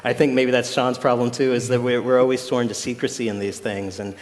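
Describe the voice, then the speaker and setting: A man's voice: mid-range voice, little pitch movement, brisk. A man, an author on a panel, talking in a thoughtful and discursive way. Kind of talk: panel talk. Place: live event venue. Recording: reverberant hall.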